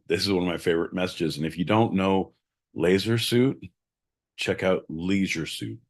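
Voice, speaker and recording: A man's voice: low voice, moderate pace. A man hosting a podcast, talking in a crude, boisterous, joking way. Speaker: podcast host. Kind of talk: casual podcast chat.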